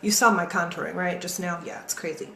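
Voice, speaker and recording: A woman hosting a live makeup tutorial, chatty and energetic, talking straight to her viewers. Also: lowish voice, a little fast, vocal fry, echoey room, slight background noise. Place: home, in California.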